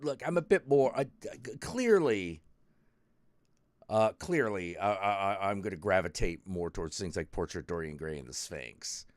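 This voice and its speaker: A man co-hosting a casual chat, lively and often stammering over repeated words. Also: deep voice, normal speed, no echo, studio quality. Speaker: podcast co-host.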